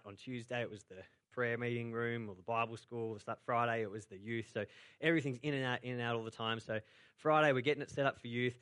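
A man's voice: medium pitch, a bit bright. A young man preaching a sermon in a church, telling a story in a casual, chatty way full of filler words. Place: church auditorium.

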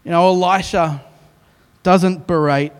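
Animated Australian preacher in echoing hall. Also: male voice, high-pitched, unhurried, smooth. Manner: animated storytelling with self-mocking asides. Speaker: pastor. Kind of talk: sermon.

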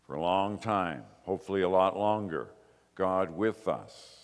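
A man preaching a sermon as pastor, slow and emphatic, with repeated short phrases. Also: low voice, animated, in a large hall. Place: church.

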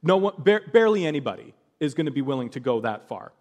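A man's voice: mid-range voice, very animated, fast talker, a little mellow, in a large hall. A man preaching a sermon, telling a story with animation and acting out the voices of the people in it.

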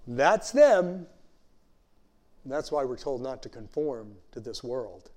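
Warm-voiced man preaching a conversational sermon. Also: mid-range voice, very animated. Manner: conversational, with frequent "you know" asides; slows down to stress scripture phrases. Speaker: pastor.

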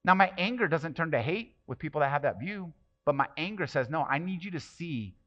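A man's voice: fairly high pitch, expressive, a little fast, a bit bright, dull audio. A man preaching a sermon as pastor, passionate and emphatic, with many rhetorical questions.

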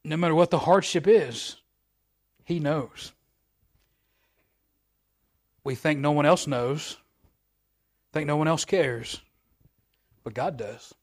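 A man preaching a sermon in a folksy, repetitive way that swells louder at the high points. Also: takes it slowly, long pauses.

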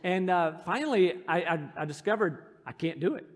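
A man's voice: sits high, animated, a little fast, big-room sound. A middle-aged man preaching a sermon as pastor, telling stories in an earnest, self-deprecating way. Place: church sanctuary.

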